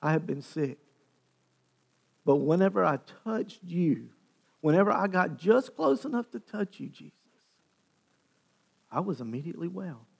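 A man voicing a humbled, sick woman confessing softly within a sermon. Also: a little high, animated, measured pace, creaky, pauses often, breathy edge, in a large hall, full character voice.

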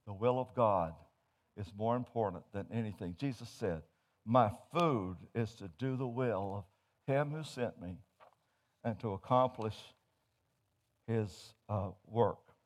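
A man preaching a sermon, telling humorous stories and swinging from hushed to loud as he tells them. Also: on the low side, takes it slowly.

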